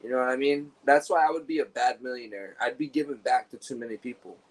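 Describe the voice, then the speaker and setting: A man's voice: mid-range voice, fast, low-quality recording. A man talking casually and profanely, rambling through stories about his work as a store clerk. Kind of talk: casual chat.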